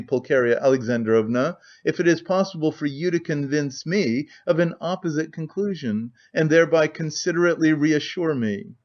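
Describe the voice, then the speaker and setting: A pompous, huffy middle-aged gentleman, put on by a man reading a novel aloud lectures in a sententious, offended tone. The voice sits somewhat high. The recording is dull and lo-fi. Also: natural voice.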